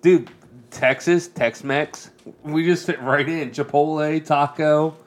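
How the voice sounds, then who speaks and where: A man's voice: a little high, fairly even intonation, takes it slowly. A man co-hosting a podcast, chatting casually about football and fantasy league rules, laughing easily and rambling as he explains. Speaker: podcast co-host. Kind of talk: casual chat.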